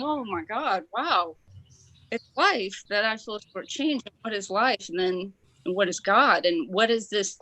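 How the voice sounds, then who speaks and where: A woman's voice: medium pitch, no room sound. Female caller, Kentucky origin, eager and rambling, dry close sound. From Kentucky, USA. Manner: excited, tumbling, many fillers. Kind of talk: call-in sharing a personal story.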